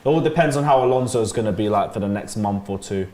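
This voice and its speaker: A man hosting a live football watch-along, relaxed and chatty, reading out viewer comments and scores. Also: fairly low pitch, quick pace, echoey room. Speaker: host.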